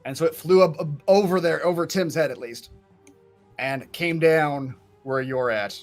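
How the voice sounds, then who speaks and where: A man's voice: a little high, normal speed, soft background music. A man narrating as game master in a tabletop game, speaking with frequent fillers and restarts.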